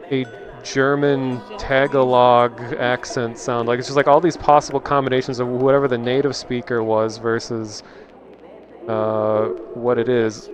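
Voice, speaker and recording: A man with a Minnesotan accent, streaming and chatting casually in a thoughtful, rambling way with lots of restarts. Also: medium pitch. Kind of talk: casual chat.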